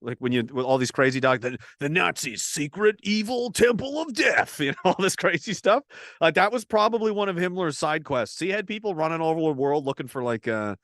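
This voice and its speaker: A man's voice: on the high side, big pitch swings, a little fast, fairly bright tone, no room sound, studio quality. Rambling, cursing male podcast host. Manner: rambling, profane, laughs often. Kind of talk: casual podcast chat.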